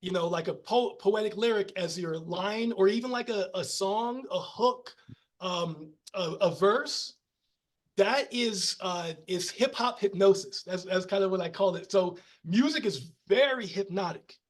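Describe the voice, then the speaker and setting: High voiced american guy on a podcast, animated, lots of restarts and laughs. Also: measured pace. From United States. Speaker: podcast guest. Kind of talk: casual storytelling conversation.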